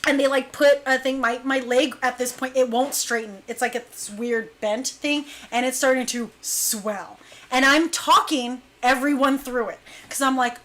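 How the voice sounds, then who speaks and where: Brief: young woman, high bright voice, lively casual storyteller who hushes for quoted lines. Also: normal speed. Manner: animated, acts out quotes in hushed voice. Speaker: dancer telling a story.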